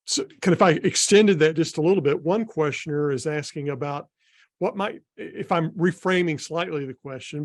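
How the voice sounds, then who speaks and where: A man with a fairly high voice, recorded dry and close with little room sound. He politely responds and reframes audience questions for a guest. His phrasing is conversational with occasional fillers. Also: darkish tone, no room sound. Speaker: interviewer.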